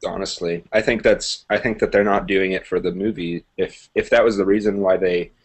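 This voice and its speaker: A man's voice: sits low, fairly even intonation, brisk. A young man co-hosting a casual movie review chat, opinionated and hedging his views. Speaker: co-host.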